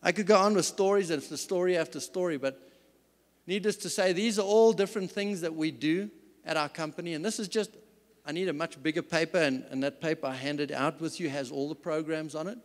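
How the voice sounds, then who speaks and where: A man with a notably high voice delivers a faith-based business talk as a company CEO. He tells stories earnestly, with emphatic stress. The sound comes from a large event hall with a long, lingering reverb. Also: fairly quick.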